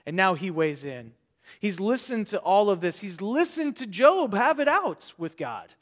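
A man preaching a sermon in an earnest way. He swings between loud emphasis and quiet, trailing phrases, and he repeats words when he restarts. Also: high-pitched, very animated, a little slow. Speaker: pastor.

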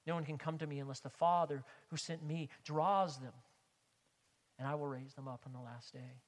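A man's voice: on the high side, moderate pace, big-room sound. A man preaching a sermon as a pastor, reading scripture aloud and speaking earnestly to the congregation.

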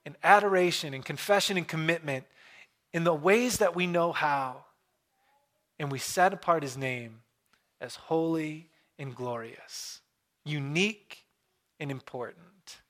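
A pastor preaching a sermon in a church, earnest, dropping into hushed pauses for effect. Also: male voice, a little high. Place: church room.

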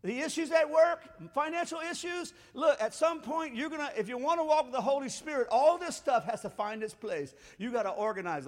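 A man preaching a sermon in a fairly high voice, rising to loud, fervent exhortation and then dropping to a hushed, close tone. His words ring out in a big hall with a long reverb tail. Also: animated, normal speed, hardly any pauses. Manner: swings from loud exhortation to hushed, intimate talk. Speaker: pastor.

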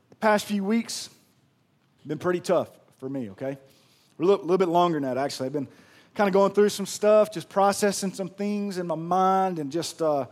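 A pastor preaches to his congregation, spinning a story in a folksy, lively, chatty way full of slang. His voice sits fairly high.

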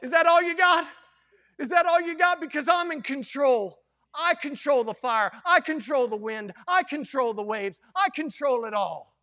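A preacher voicing a defiant divine figure. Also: male voice, very high-pitched, animated, normal speed, sharp tone, voice pushed up, heavily acted. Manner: bold, challenging, emphatic. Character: defiant divine man taunting his foes.

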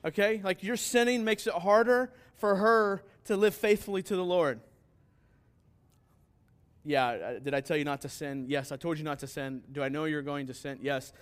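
A man's voice: fairly high pitch, normal speed, clear, resonant tone. A man pastor preaching a sermon, earnest and emphatic, often asking rhetorical questions and answering them.

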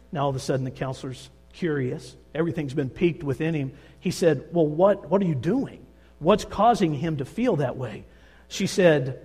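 Male preacher, slightly high voice, dramatic storyteller, long hall reverb. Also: a little mellow, slightly rough. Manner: storytelling, voices quoted lines with rising intensity. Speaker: pastor. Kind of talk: sermon.

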